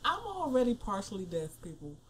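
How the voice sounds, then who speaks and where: A woman's voice: mid-range voice, huge pitch swings, brisk, fairly bright tone, a little hiss or hum. A woman co-hosting a podcast from home on a desk mic, chatting casually and laughing often as she teases her co-host. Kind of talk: casual chat. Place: home room. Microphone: desk mic on a stand with headphones.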